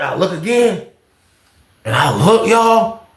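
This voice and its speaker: A man telling a prison story to his viewers, animated and profane, talking straight to the audience. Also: on the high side, unhurried, creaky. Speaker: storyteller, channel host. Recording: roomy echo.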